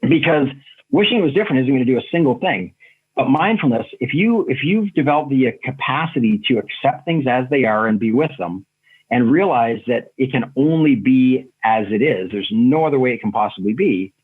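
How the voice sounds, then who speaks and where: A man speaks as a podcast guest, in an earnest and reflective way, working through ideas with examples and stories. His voice is husky and a little breathy. It comes through a narrow, tinny remote call line. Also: medium pitch, lively intonation, brisk. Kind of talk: reflective conversational storytelling.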